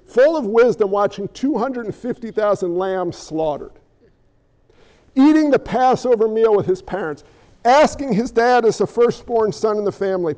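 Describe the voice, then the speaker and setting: A man preaching a sermon as pastor in an animated, conversational way with jokey asides. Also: sits high, long reverb tail.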